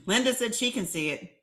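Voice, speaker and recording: A woman hosting a casual live stream, chatting, reading viewer comments aloud and often laughing and clearing her throat. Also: medium pitch. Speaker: livestream host.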